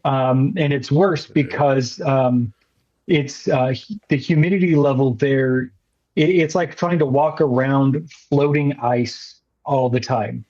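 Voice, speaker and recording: Slow-talking man on muffled audio. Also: medium pitch, fairly even intonation, darkish tone. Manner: slow, measured, dry understatement. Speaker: filmmaker guest. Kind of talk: casual interview talk.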